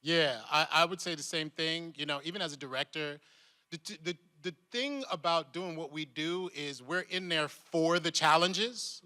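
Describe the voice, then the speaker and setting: A man telling stories at a convention panel, lively and laughing, acting out the voices of the people he quotes. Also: on the high side, normal speed. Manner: animated, laughing, acts out voices. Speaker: convention panel guest, actor. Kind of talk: animated storytelling at a convention panel. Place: convention hall. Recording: long hall reverb.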